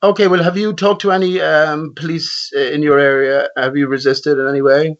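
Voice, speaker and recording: A man calmly pressing his friend with repeated questions in a casual argument. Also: on the high side, fairly quick, dull audio, a crowd in the background. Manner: calm, probing, asks repeated questions.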